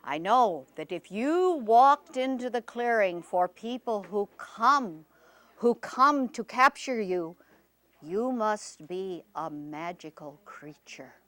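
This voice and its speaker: A woman storyteller voicing a proud, wealthy village man who speaks loudly and commandingly. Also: medium pitch, expressive, slow pace, dry recording. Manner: loud and commanding.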